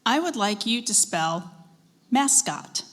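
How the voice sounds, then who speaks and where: A woman serving as pronouncer at a spelling bee, reading out words and dictionary definitions in a measured, deliberate way and prompting contestants politely. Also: fairly high pitch, animated, fairly bright tone. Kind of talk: formal competition announcing. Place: school event hall.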